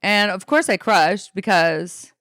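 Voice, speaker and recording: Speaking slowly in a medium-pitched voice, a young woman comedian from Alaska guests on an interview and tells stories casually. Expect frequent cursing, an animated manner, and quotes performed in other people's voices, all captured in a dry, clean studio recording.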